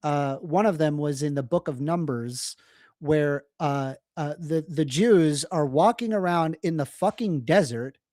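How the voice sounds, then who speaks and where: Animated, profane co-host of a live stream, mid-pitched, dry close sound. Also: a little slow, dry recording. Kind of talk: casual debate review chat.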